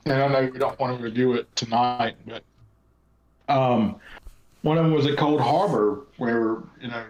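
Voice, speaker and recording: An American man talks over his findings, stopping and restarting as he goes. His voice sits at an average pitch. The sound is roomy and somewhat muffled. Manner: rambling, halting restarts. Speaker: guest paranormal investigator. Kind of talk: casual chat. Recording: echoey, dull lo-fi sound.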